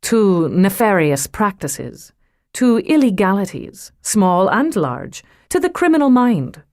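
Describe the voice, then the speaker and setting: A woman's voice: medium pitch, sing-song, darkish tone, no room sound, clean studio sound. A woman reading suave teasing man, Irish lilt. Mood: amused, smooth. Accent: faint Irish lilt. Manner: smooth, amused, unhurried. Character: suave wealthy man, teasing and self-assured. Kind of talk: audiobook character reading.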